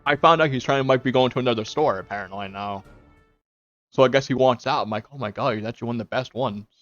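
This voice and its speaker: A man's voice: medium pitch, fast talker, a bit bright, no room sound. Young man, casual stream chat, rambling with fillers, dry dull lo-fi mic, faint music behind. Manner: rambling, with many fillers and quoted self-talk.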